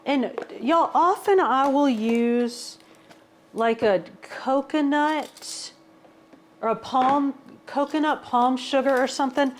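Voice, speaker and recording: A woman's voice: sits high, takes it slowly, a little hiss or hum. A woman, rambling casually through a home cooking and fitness vlog, calling her viewers "y'all". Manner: rambling, self-deprecating, says "y'all" a lot. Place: home kitchen.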